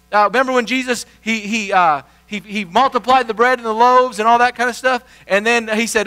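A man's voice: extremely high pitch, fairly even intonation, moderate pace, sharp tone. A middle-aged man preaching a sermon as pastor, rambling through folksy asides and then building to emphatic, repeated phrases.

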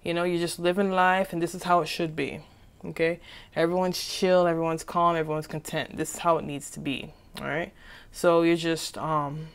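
A woman's voice: on the low side, little pitch movement, moderate pace, clear, resonant tone. A woman doing a casual tarot reading who rambles, repeats herself and keeps asking "okay?". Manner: chatty and informal, with "okay?" checks. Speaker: tarot reader.

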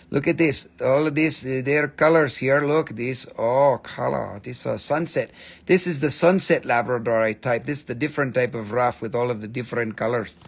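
A man with a mid-range, creaky, slightly rough voice talks at a moderate pace while hosting a live stream selling stones. His sales chat is casual and joking, with free swearing and silly voices thrown in.

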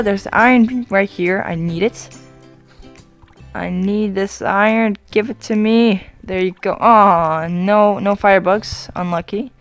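A woman talks through her gameplay in a casual, chatty let's-play voice at an ordinary mid pitch. She apologizes often and breaks into quick, excited exclamations, with faint music in the background. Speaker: YouTube gamer.

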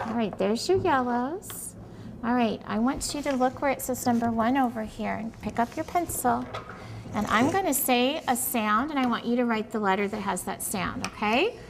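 A fairly high-pitched woman teacher with a gravelly, creaky texture in her voice. She talks young children through letter sounds and handwriting at a classroom table, patient and encouraging, with frequent praise. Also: expressive, moderate pace, noisy background.

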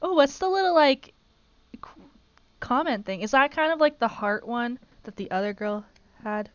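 Woman streamer, gushing and excitable, fairly high voice, dull lo-fi mic. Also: moderate pace, smooth, no echo. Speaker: streamer host. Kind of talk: casual live-stream chat while gaming.

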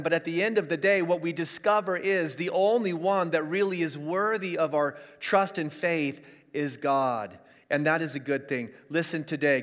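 A middle-aged pastor preaches with a somewhat high voice, pressing each point and repeating it for emphasis. His words ring out with a long hall reverb, as in a big church room. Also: a bit bright. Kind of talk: sermon. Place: church streaming an online service.

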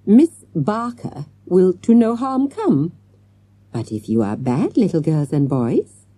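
A woman reading an audiobook, voicing a scheming foreign woman villain who speaks in stilted, mock-polite threats, in a raised, husky voice. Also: on the low side, sing-song, slow, dark tone, no echo, pitched above the performer's own voice, exaggerated voice. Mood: menacing. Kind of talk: audiobook character voice.

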